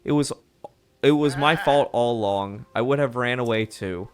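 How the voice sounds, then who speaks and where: A man's voice: medium pitch, normal speed, lightly acted. A man voicing a sincere goat herder who blames himself, reading game dialogue aloud. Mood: earnest. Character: earnest, self-blaming goat herder. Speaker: video game streamer.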